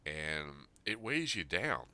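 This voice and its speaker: A man's voice: very deep voice, very animated, takes it slowly, bright, forceful tone, no room sound. A man in his fifties, a podcast host, reading a personal letter aloud and then talking it over in an earnest, plain-spoken way. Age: 50s.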